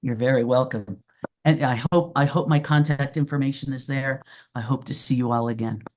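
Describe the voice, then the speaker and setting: A woman's voice: very deep voice, steady tone, moderate pace, a little mellow. A woman giving an earnest, reflective talk as a guest presenter, repeating her key phrases for emphasis. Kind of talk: webinar talk and Q&A.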